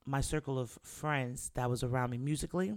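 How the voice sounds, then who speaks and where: A man's voice: mid-range voice, steady tone, fairly quick, clear, resonant tone. A man who makes music, talking casually and candidly in a monologue, swearing freely and acting out what friends said. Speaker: musician, rapper.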